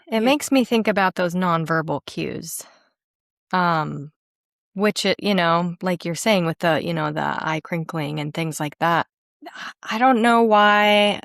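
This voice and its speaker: A woman co-hosting a casual conversation, telling stories with animated, acted-out quotes. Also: on the low side, a little slow, vocal fry, no echo, clean studio sound. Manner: animated storyteller, acts out quoted voices. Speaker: podcast co-host.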